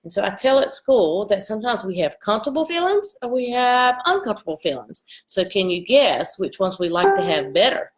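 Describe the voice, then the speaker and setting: A woman teacher reading a picture book aloud to young children at home, gentle and encouraging, stopping to ask them questions. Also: mid-range voice, sing-song, fairly quick, hardly any pauses, a little hiss or hum. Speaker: elementary school teacher.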